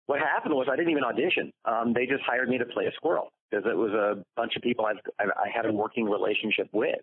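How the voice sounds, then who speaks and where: A man voice actor telling lively stories in an interview, acting out the quotes. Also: medium pitch, fast talker, slightly rough, no echo. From United States. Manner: lively storyteller, acts out quotes. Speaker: voice actor guest. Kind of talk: interview anecdotes. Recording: dry phone-like line.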